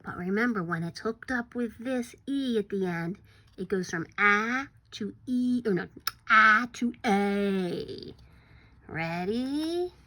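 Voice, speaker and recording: A woman teaching a recorded phonics lesson to young children, slow and encouraging, sometimes dropping to a whisper for suspense. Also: mid-range voice, expressive, sharp tone.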